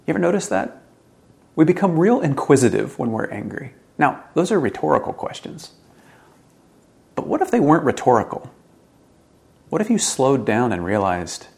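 A man preaching a sermon in an earnest way, rising to emphatic questions and dropping low and quiet. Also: very animated, normal speed, creaky, pauses often. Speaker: pastor.

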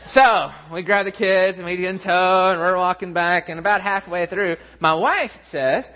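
High-voiced man preaching a sermon. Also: a little slow, muffled recording. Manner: storytelling, animated, mimics voices in anecdotes. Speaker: pastor.

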